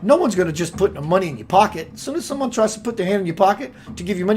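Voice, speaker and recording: A man's voice: sits high, animated, racing, a little mellow. A man giving a meandering spiritual talk, musing aloud and searching for words as he goes. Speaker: spiritual teacher.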